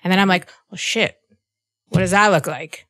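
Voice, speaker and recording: A woman in her fifties hosting a podcast in casual conversation, earnest and halting, acting out little quotes as she talks. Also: fairly low pitch, sharp tone. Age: 50s. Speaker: podcast host.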